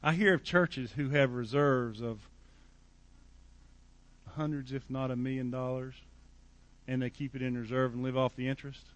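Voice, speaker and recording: A man's voice: medium pitch, steady tone, normal speed, long pauses. A male pastor preaching a sermon in a church in a conversational, joking way.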